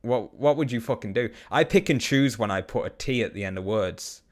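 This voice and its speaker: A man from Bolton with a general, slightly posh English accent, chatting casually on a live stream and answering viewer comments with lots of ums and casual swearing. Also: on the low side. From Bolton, England. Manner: rambling, quick bursts, swears casually, many ums.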